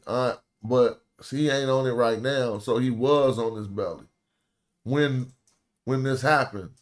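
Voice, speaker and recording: A man's voice: medium pitch, slow pace. A man talks through a grammar lesson in an easygoing, slangy way. He repeats words, restarts his sentences and keeps asking his listeners questions as he works through each point. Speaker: teacher of ancient Egyptian. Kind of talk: casual live lesson.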